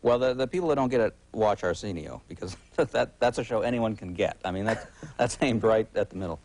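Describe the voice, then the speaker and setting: A man in his forties, a TV critic guesting on a talk show, speaking in a halting, wry way full of uh's and restarts. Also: fairly low pitch, lively intonation, darkish tone, slight background noise, poor audio. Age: 40s. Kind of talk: casual talk-show conversation.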